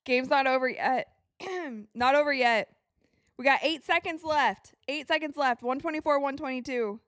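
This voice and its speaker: A young woman hosting a live basketball watch party, calling plays excitedly and talking to her viewers. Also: sits high, moderate pace, dry recording, clean studio sound. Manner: excitable, reacts loudly to plays, talks to viewers as you guys. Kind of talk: live game commentary to chat.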